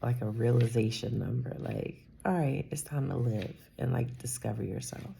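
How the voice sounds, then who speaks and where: A woman's voice: extremely low pitch, normal speed, vocal fry, mellow, a little hiss or hum. A woman in her fifties, a salon owner, talking candidly and rambling a little in a personal vlog, sometimes dropping to a whisper. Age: 50s.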